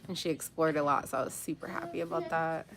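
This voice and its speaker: A woman's voice: sits low, level tone, quick pace. A woman from the United States hosting a casual livestream, chatting and greeting viewers by name, laughing often. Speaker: livestream host. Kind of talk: casual livestream chat reading comments.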